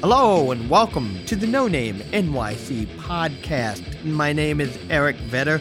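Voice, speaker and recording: A man's voice: on the high side, normal speed, hardly any pauses, music in the background. Joking New man hosting a podcast. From New York City. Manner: animated, joking, salty. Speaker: podcast host. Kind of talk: casual storytelling monologue.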